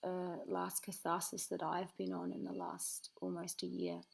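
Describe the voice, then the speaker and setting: A woman's voice: lowish voice, sing-song, normal speed, vocal fry, low-quality recording. A woman answering a viewer's question about spiritual growth in a rambling, earnest way, with many fillers. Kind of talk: casual unscripted talk to camera.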